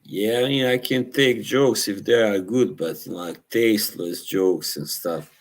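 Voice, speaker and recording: A man's voice: fairly low pitch, unhurried. A man hosting a live stream, chatting casually with viewers, rambling and laughing often at his own stories while searching for words. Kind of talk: casual chat reacting to live chat.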